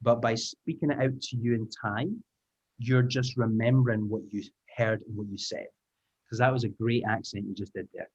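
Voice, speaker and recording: A man leads an online class with lively encouragement and patient explanations. His voice has an ordinary middle pitch and comes over a slightly muffled call line. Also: normal speed, husky. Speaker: teacher trainer. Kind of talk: online language lesson. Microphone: video call.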